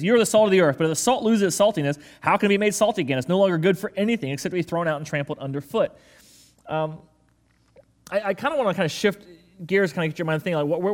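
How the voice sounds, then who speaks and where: A man preaching a casual, rambling sermon to his congregation, full of fillers and joking asides. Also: sits high. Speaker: pastor.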